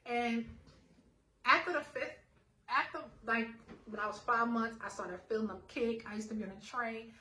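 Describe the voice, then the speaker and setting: A young woman with a slightly high voice tells her own story in a lively, chatty way, sprinkling fillers and acting out what people said. The recording is roomy and echoey. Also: moderate pace. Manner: animated, acts out dialogue, lots of fillers. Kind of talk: casual personal storytelling. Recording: roomy echo, faint ambience.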